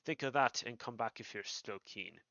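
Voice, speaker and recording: A man voicing a gruff male recruiter for a thieves' guild, muttering low thieves' slang in a dull, dry recording. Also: moderate pace, sharp tone, no room sound.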